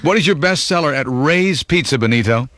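A man's voice: on the high side, lively intonation, a little fast, fairly bright tone, a little hiss or hum. A man hosting a radio countdown show, chatting playfully with callers and tossing in jokes. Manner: playful, chatty, joking asides. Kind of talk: upbeat radio hosting with phone calls.

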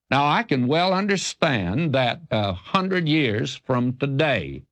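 An older Southern man from the American South, a radio Bible teacher, answers a listener's question in an earnest, emphatic, folksy preacher's cadence. His voice is medium-pitched and the recording is dry.

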